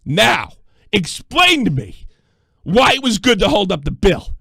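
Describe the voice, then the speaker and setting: Man, angry call-in host, shouting and cursing, bright tense tone. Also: sits high, big pitch swings, measured pace, vocal fry, husky, no room sound, studio quality. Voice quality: yelling, profane, combative.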